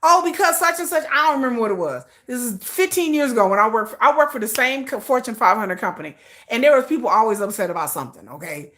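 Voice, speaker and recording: A woman's voice: fairly high pitch, lively intonation, fast, fairly bright tone. A middle-aged woman from the United States hosting a livestream, ranting emphatically and profanely with lots of repetition. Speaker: livestream host. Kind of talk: casual livestream rant.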